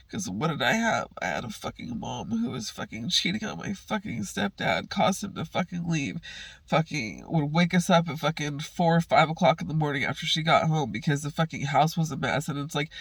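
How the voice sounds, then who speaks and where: A man's voice: fairly high pitch, animated, fairly quick, vocal fry, fairly bright tone, husky, no echo. A young adult man venting in a heated, profane monologue, sighing often between his words. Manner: profane, heated ranting with sighs. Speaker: vlogger.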